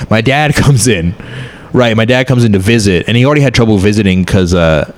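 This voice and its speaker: A man telling a story in casual podcast chat, animated and profane, often laughing and acting out what others said. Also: fairly low pitch, fairly quick.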